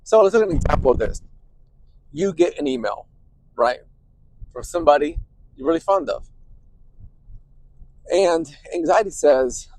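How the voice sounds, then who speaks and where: A man's voice: a little high, animated, normal speed, pauses often, no echo. Conversational male therapist, dry close sound. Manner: conversational, often adds "right?"; grows quieter and softer when describing intuition. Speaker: therapist and podcast host. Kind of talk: explanatory podcast talk.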